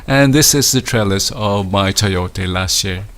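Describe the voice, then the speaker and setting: A Filipino man strolls through his winter garden outdoors, showing it off casually at a slow, hesitant pace full of fillers and false starts. His voice sits on the lower side and sounds slightly bright.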